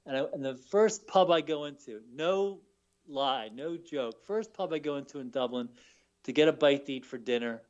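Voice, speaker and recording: A man's voice: mid-range voice, moderate pace. Rambling man on a dull lo-fi line. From Baltimore. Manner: rambling, repeats words, many fillers. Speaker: author guest. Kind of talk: casual radio interview storytelling.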